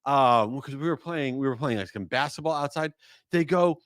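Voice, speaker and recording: A man hosting his own podcast, telling stories in a casual, animated monologue that climbs high when he gets excited. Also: normal speed, no room sound, clean studio sound. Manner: animated storyteller, rises high for excited bits. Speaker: podcast host.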